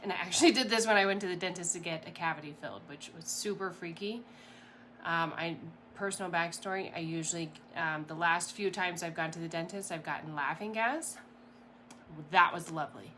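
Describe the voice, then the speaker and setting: Chatty, animated woman coaching. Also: fairly low pitch, brisk, a little hiss or hum. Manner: chatty and animated, rambling with fillers and laughs. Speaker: mindset coach. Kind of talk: casual motivational talk to camera.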